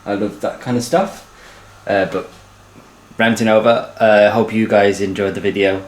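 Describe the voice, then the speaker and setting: Young man, casual airport vlog, filler-heavy chat, low voice, echoey. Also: steady tone, moderate pace. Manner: chatty, lots of uh fillers. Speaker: aviation vlogger. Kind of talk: casual travel vlog to camera.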